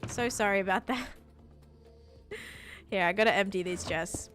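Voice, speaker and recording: A woman's voice: medium pitch, unhurried, fairly bright tone, soft background music. A young woman from Australia with an Australian American accent, casually chatting on a gaming stream while answering chat and describing what she builds. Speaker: live streamer. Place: home room with her PC.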